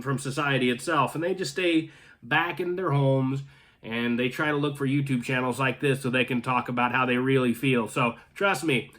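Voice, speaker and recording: A man's voice: mid-range voice, fairly bright tone. A man from North Carolina hosting his channel, chatting casually with viewers and reading their comments, rambling with joking asides and frequent restarts. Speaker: channel host. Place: home in Canada.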